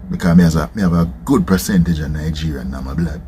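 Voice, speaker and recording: A man from Jamaica with a Jamaican accent, telling a travel story in a casual, animated way, dropping rhetorical tags in patois. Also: a bass voice, quick pace, slight background noise.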